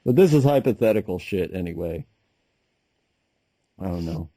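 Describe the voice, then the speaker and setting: A man co-hosting a podcast, rambling through crude casual chat in a profane, deadpan way. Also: deep voice, normal speed, dry recording. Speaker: podcast co-host.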